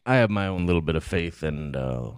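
Male player, very low voice, easygoing and hesitant, dry close sound. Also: animated, fairly quick, smooth, no echo. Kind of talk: casual tabletop play.

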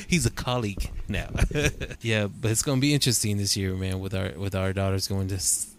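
A middle-aged man co-hosting a podcast in casual chat, relaxed, with frequent affirmations and easy laughter. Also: on the low side, moderate pace, a little hiss or hum. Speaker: podcast co-host.

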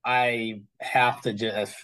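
A man in a relaxed interview, rambling as he talks. He stops and restarts his sentences and fills the gaps with ums and likes, in a voice of middling pitch. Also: very slow, clear, resonant tone, low-quality recording. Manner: rambling, full of fillers and restarts. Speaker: guest card collector. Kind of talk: casual interview chat.

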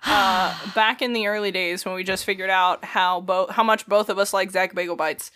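A woman's voice: medium pitch, steady tone, sharp tone. Young woman cracking jokes while she tells the story, swears casually. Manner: quick, joking, swears casually.

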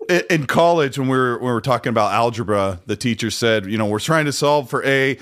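A young man co-hosting a casual gaming chat show, telling funny stories in an animated way and laughing often. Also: mid-range voice, fast talker, hardly any pauses. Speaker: podcast co-host.

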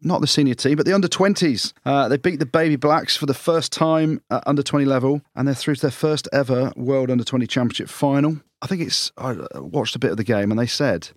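A man's voice: mid-range voice, a little fast, hardly any pauses, no echo, studio quality. A man hosting a podcast, leading the segments with chatty, teasing banter. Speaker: podcast host. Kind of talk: casual rugby banter.

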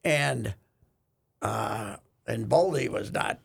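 A man's voice: medium pitch, animated, slow pace, gravelly, slightly rough. A man co-hosting casual sports radio chat, rambling with restarts and frequent laughs.

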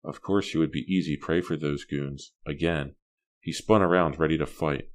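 A male audiobook narrator reading in a steady, measured way. His voice is extremely low and deep. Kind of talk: scripted narration.

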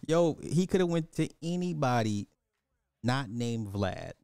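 A middle-aged man hosting a livestream with a dark, mellow voice, recorded dry and close. He rants bluntly with profanity in casual commentary and hammers his points by repeating them. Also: mid-range voice, expressive, a little slow, creaky, clean tone, no room sound. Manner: ranting, blunt and profane, repeats himself for emphasis. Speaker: livestream host.

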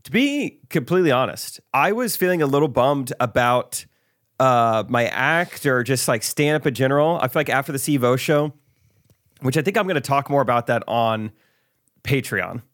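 A man's voice: mid-range voice, moderate pace, no room sound, clean studio sound. A young man, a podcast co-host and stand-up comedian, telling stories in a casual chat and acting out voices from his shows. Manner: animated, acts out crowd voices.

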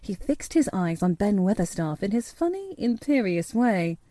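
A woman narrating a storybook in a measured, steady reading voice. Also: medium pitch, no echo. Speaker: audiobook narrator.

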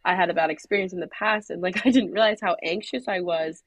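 A woman's voice: lowish voice, fast talker, no echo, poor audio. A young woman, a newly graduated nurse, talking casually on a podcast, laughing often and using "like" a lot. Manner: chatty, laughs often, lots of "like". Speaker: guest, new grad nurse.

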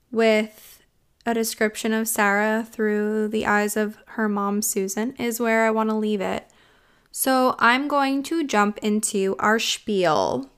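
A young woman hosts a true crime podcast, talking in an earnest, reflective way and pausing often to find her words. Her voice sits a little high and sounds smooth and clear. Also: fairly bright tone. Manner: earnest, reflective, with filler-laden pauses. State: choked up with emotion. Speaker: podcast host.

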